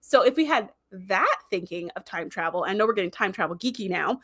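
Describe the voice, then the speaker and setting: A woman's voice: mid-range voice, expressive, brisk, a bit bright. Chatty woman rambling on her livestream, reading out comments from chat. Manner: chatty, rambling, reads viewer comments aloud. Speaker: livestream host.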